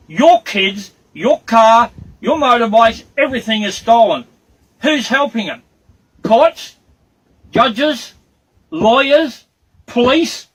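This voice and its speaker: An Australian man, pitched high for a man, rants in an angry, accusatory monologue. He drives his points home with repeated commands. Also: dull audio. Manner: shouting, accusatory, repetitive demands.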